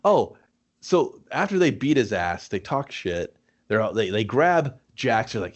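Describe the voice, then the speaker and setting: A man's voice: mid-range voice, big pitch swings, unhurried, highs cut off. A man co-hosting a casual movie review podcast, swearing freely and acting out scenes in rambling chat. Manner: profane, rambling, acts out quotes. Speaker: podcast co-host.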